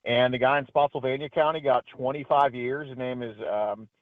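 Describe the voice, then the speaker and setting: A man calling in as a guest, telling his story in a chatty, animated way with frequent laughs. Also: mid-range voice, moderate pace, no echo. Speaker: guest, independent journalist. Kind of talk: casual phone interview. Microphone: phone. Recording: tinny phone line.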